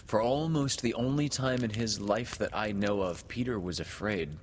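A man reading a storybook aloud in a slow, expressive way. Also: lowish voice. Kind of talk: storybook narration read aloud. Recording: long hall reverb, faint noise.

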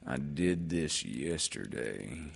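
A man voicing a gloomy old male donkey in a storybook reading, talking in a slow, mournful, drawn-out deadpan. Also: extremely low pitch, creaky, husky, voice pushed down, heavily acted.

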